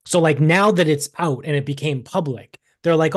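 A man's voice: a little high, moderate pace, no room sound, studio quality. A man co-hosting a podcast in casual chat, telling a story in a rambling way with swearing and mocking asides. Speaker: podcast co-host.

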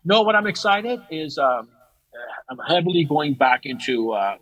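Husky-voiced middle-aged guy, martial arts teacher, chatty and animated, lots of stop-and-start. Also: moderate pace, poor audio. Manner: animated storyteller, restarts often, rises in pitch for emphasis. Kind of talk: casual conversation.

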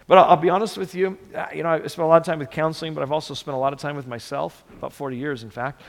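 A man's voice: a little high, fairly even intonation, racing, creaky. A male pastor preaching a sermon, earnest and direct, often repeating words for emphasis. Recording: long reverb of a church hall.

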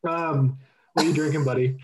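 A man's voice: on the high side, fairly even intonation, a little fast, a little mellow, a little hiss or hum, low-quality recording. A man from California co-hosting a casual podcast, talking in a mock-dramatic, theatrically emotional way. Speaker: podcast co-host.

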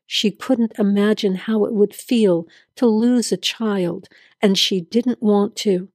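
Woman narrator for a story podcast; measured, steady, mid-pitched, dry close sound. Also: dry recording. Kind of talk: scripted narration.

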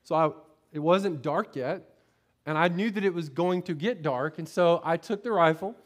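High-voiced pastor telling a story. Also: male voice, normal speed. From Florida. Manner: conversational storytelling, repeats words, asks the congregation "right?". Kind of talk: sermon with personal story. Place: church sanctuary.

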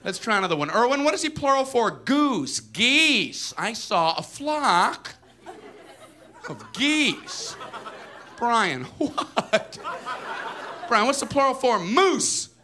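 A man doing a stand-up comic acting out a dim schoolboy, goofy and drawn out. The voice sits high and swings wildly up and down. A crowd and steady noise run behind it. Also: slow, heavily acted.

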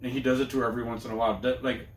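A man's voice: mid-range voice, little pitch movement, racing, echoey room, recorded from a distance. A man co-hosting a podcast, telling loose, profane stories in casual chat. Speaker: podcast co-host.

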